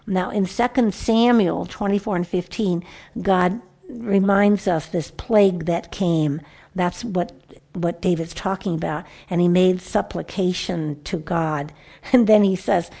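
A woman giving a conversational Bible teaching to a group of women, animated and storytelling, often restarting her sentences. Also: fairly low pitch, unhurried, vocal fry. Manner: lively, animated storytelling with frequent self-corrections.

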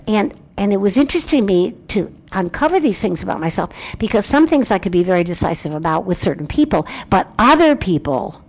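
A woman giving a candid, self-reflective Christian devotional talk with a brisk, emphatic delivery. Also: on the low side, creaky. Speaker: Christian speaker.

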